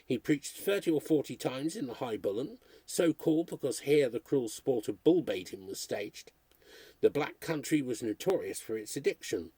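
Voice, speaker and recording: Husky man reading a book aloud. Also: medium pitch, moderate pace, no room sound. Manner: steady, careful reading of dates and places. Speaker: reader.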